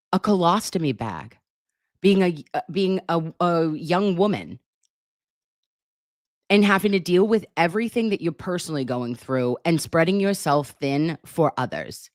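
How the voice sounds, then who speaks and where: Sarcastic, animated woman host. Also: on the low side, dry recording, clean studio sound. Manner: sarcastic, scolding. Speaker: commentator host. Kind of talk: animated casual commentary.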